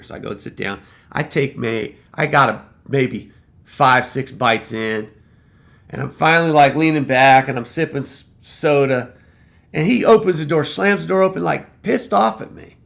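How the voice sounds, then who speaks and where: A man with a gravelly, creaky edge to his voice tells a story from an old job as a casual rant. He is blunt and swears freely, and he circles back over the same phrases to hammer home his point. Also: medium pitch, expressive, moderate pace, long pauses, fairly bright tone. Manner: blunt, profane, repeats phrases for emphasis. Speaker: vlogger telling a work story.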